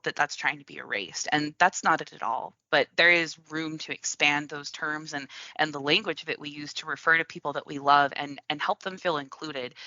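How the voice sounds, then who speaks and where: A woman's voice: low-pitched, bright, forceful tone, no room sound. A woman co-hosting a podcast in casual chat, talking in an earnest, reflective way with frequent restarts. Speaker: podcast co-host. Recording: dull lo-fi, dry sound.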